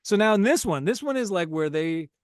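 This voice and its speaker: A man with a fairly high voice recaps a film plot in casual podcast chat. He tells it with plenty of energy and laughs along the way. The sound is very dry. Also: fairly quick, clear, resonant tone, no echo. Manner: animated, laughing storyteller. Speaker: podcast host.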